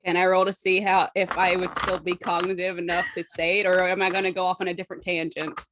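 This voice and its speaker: A woman's voice: on the low side, flat delivery, quick pace, background noise. A woman playing in a tabletop game, joking bluntly about her character. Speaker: player. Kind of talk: tabletop roleplay chat.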